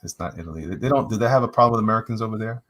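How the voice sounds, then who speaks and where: A man co-hosting a casual livestream, joking and teasing in relaxed banter. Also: fairly low pitch, very fast, rough recording. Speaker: livestream co-host.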